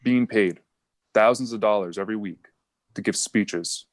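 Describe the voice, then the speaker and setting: Rambling young man, low dry voice. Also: moderate pace, no echo. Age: young adult. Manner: rambling, self-mocking. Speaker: podcast co-host and stand-up comic. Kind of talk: casual rambling anecdote.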